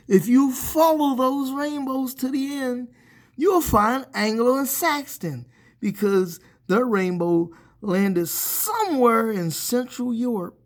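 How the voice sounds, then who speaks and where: A man telling a made-up tale to children in a playful, expressive way. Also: extremely high pitch, slow. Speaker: children's storyteller. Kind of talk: storytelling for children.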